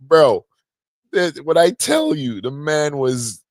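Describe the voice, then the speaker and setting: A man's voice: fairly high pitch, very animated, takes it slowly, no echo. A man hosting a livestream podcast from a home podcast room, chatting loosely and jokingly with slang. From Canada. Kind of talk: casual livestream chat.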